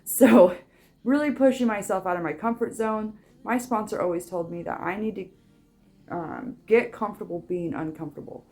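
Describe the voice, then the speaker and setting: A woman's voice: mid-range voice, normal speed, dark tone, soft background music. A young woman talking casually in a vlog, chatty and rambling, with frequent restarts. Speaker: vlogger.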